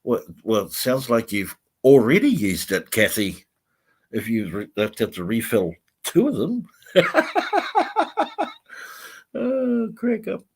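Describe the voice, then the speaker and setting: A man's voice: mid-range voice, big pitch swings, measured pace, a little mellow, husky. A man hosting a livestream, reading out viewer comments and rambling in a chatty way with frequent laughter. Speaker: vlogger host.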